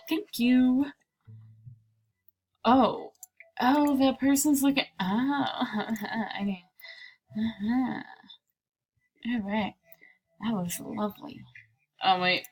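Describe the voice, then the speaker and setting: A slightly high-voiced woman gives casual gameplay commentary in a playful, chatty way. She talks slowly, drifting into soft whispered asides, and sounds a little under the weather. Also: a little hiss or hum. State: slightly sick. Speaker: gameplay video creator.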